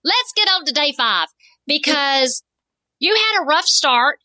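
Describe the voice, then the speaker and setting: A woman's voice: high voice, expressive, a little slow, pushed and bright, no echo, poor audio. A woman co-hosting a podcast, asking questions in a chatty, enthusiastic way. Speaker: podcast co-host. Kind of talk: casual podcast interview.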